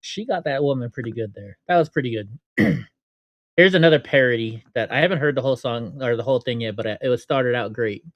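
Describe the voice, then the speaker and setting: A man's voice: medium pitch, a little fast, muffled recording. A middle-aged man hosting a casual reaction commentary, mumbling and tossing off sarcastic asides. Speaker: commentary channel host.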